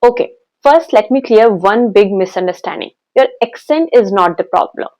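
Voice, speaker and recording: A young woman with an Indian English accent teaching a spoken-English lesson, talking slowly and deliberately and stressing her example words. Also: mid-range voice, lively intonation, darkish tone, low-quality recording.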